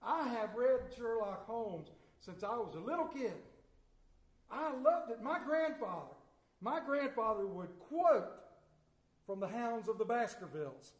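High-voiced folksy pastor in echoey church. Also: male voice, expressive, unhurried. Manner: folksy storytelling with emphatic swings. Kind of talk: sermon. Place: church sanctuary.

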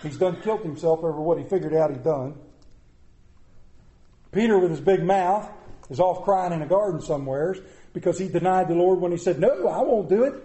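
High-voiced preacher in an echoey church. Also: male voice, mellow. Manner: preaching with dramatic pauses and repetition. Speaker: pastor. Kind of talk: sermon. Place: church sanctuary. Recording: echoey room.

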